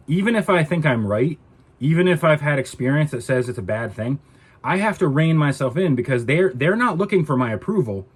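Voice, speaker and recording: Exasperated man ranting, husky voice. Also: a little high. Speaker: vlogger. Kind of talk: casual ranting vlog.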